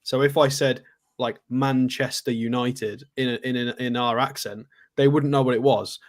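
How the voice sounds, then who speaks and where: A man's voice: medium pitch, steady tone, normal speed. A man co-hosting a live stream, giving match scores and telling a story about living abroad. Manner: chatty, gives match scores and tells anecdotes. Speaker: co-host. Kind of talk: casual live stream chat.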